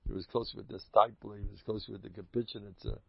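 Man, informal storytelling, animated and rambling, chuckles, muffled lo-fi sound. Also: on the low side, fast, creaky, breathy edge, no echo. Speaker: Hasidic storyteller giving a talk. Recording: dull lo-fi dry recording.

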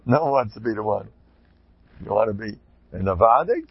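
A man giving an informal Torah talk, animated and digressive, with chuckling asides, on a dull lo-fi recording. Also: fairly low pitch, normal speed, vocal fry, long pauses, husky. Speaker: religious lecturer.

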